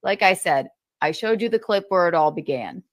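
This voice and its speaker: A woman's voice: on the low side, lively intonation, moderate pace, no room sound. A woman in a heated casual rant, rambling and profane, recounting a feud.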